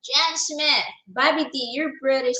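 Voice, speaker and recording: A woman co-hosting a casual livestream, reading viewer comments aloud in a fairly high voice. Her voice rings with a roomy echo. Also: unhurried, bright, forceful tone.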